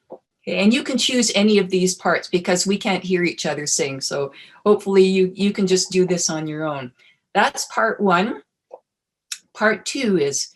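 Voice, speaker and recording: A woman presenting a wellness webinar in a relaxed, casual teaching manner, friendly and chatty with frequent fillers. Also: lowish voice, moderate pace.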